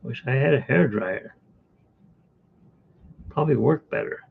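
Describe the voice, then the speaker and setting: A man chats casually on a live art stream in an expressive mid-range voice with vocal fry and a breathy edge, keeping a measured pace. He drifts between topics in a rambling way, and the stream audio sounds tinny and phone-like.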